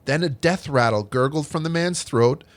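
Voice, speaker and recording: Here a man with a fairly high voice hosts a comedy history podcast at a moderate pace. Swearing and crude humor run through his retelling of old stories.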